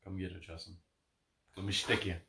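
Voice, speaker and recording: A young man co-hosting a rowdy casual chat, teasing and quick to laugh. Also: deep voice, flat delivery, noisy background. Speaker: podcast co-host.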